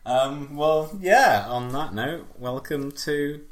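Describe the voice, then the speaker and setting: A man's voice: on the high side, animated, slow. A man hosting a casual podcast, hesitant with many ums and given to dry remarks. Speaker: podcast host.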